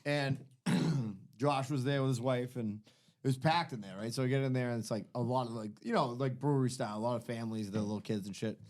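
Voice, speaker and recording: A man's voice: medium pitch, fast talker, a little mellow. Male podcast co-host, loose rambling delivery with plenty of swearing. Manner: rambling, profane anecdotes. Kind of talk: casual chat.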